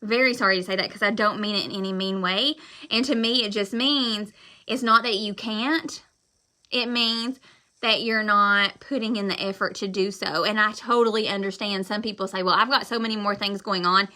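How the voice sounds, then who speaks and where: A woman giving a live-stream pep talk to her sales team, loud, emphatic and blunt but apologetic, rambling as she goes. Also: medium pitch, fairly even intonation, normal speed. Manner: loud and fired up, talks emphatically. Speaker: direct-sales consultant.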